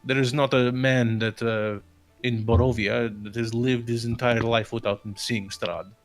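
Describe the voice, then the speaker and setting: A man voicing a cautious, protective village father who speaks in a measured, formal way. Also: mid-range voice, flat delivery, soft background music, lightly acted. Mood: sober.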